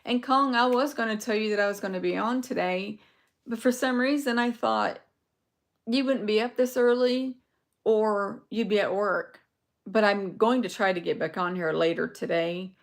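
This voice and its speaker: A woman's voice: mid-range voice, normal speed. A woman rambles through a personal story on a live stream, talking straight to her viewers in a loose, chatty way. Her voice is a little worn, as if she is starting to lose it. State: losing her voice. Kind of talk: casual live-stream chat.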